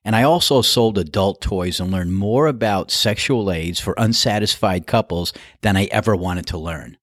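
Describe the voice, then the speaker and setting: A man with a very low voice hosts a relaxed interview, speaking in measured sentences and asking short follow-up questions. The recording is dry and close, with no room around it. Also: dry recording. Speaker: podcast host. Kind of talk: casual interview chat.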